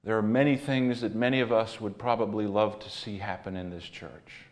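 A man's voice: lowish voice, steady tone, moderate pace. A male pastor preaching a sermon, telling a personal story earnestly and repeating words for emphasis.

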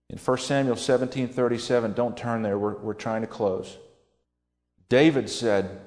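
A man preaching a sermon in a folksy, animated storytelling manner, acting out quotes from scripture stories. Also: medium pitch, a little slow.

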